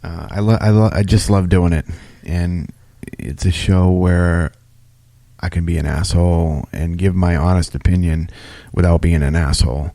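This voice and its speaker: A man's voice: sits low, steady tone, normal speed, warm tone, no room sound. A man co-hosting a paranormal radio show, bantering casually in a joking, self-deprecating and blunt way.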